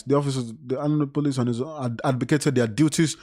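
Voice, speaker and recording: A man reading a crime case aloud and reacting casually, blunt and swearing often, with animated side remarks. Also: medium pitch, fast talker. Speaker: reaction commentator.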